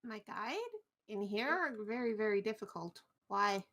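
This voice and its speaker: A woman playing a tabletop game, asking quick questions and reasoning aloud. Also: medium pitch, a bit bright. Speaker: player. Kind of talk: casual tabletop game chat.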